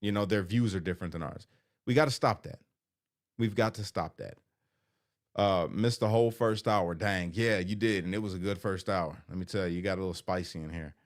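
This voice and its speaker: A man's voice: deep voice, fairly quick. A man hosting a live stream, casually reading viewer comments aloud and answering them in a talkative, informal way.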